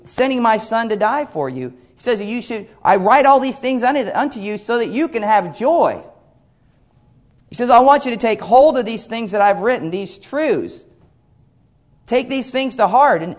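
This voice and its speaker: A middle-aged man preaching a sermon, earnest and repeating phrases for emphasis while quoting scripture at length. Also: high-pitched. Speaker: pastor.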